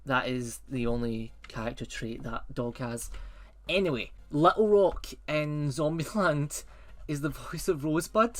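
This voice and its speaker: A man ranking films in a rambling, excitable and sarcastic casual chat. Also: mid-range voice, normal speed.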